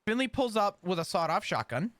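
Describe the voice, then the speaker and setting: A man in character on a roleplay server, recounting a string of events in an animated, rambling way. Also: sits high, fast, no echo.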